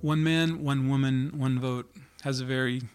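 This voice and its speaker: A middle-aged man speaks in a flat, even tone, earnest and reflective. He pauses now and then with small fillers as he tells his story, like a singer-songwriter talking between songs. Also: medium pitch, clear, resonant tone, soft background music. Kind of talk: spoken story about writing a song.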